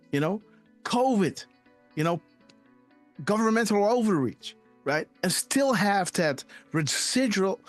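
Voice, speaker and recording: A man hosting a live online show, reading posts aloud in emphatic casual commentary and often adding "right?" and "you know". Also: sits high. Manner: emotional, trailing off softly at ends.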